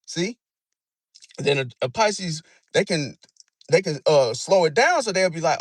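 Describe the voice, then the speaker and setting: A man's voice: high voice, very animated, measured pace, no room sound, clean studio sound. A man in a casual monologue about zodiac signs, slangy and repetitive, calling the listener bro. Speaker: astrology commentator.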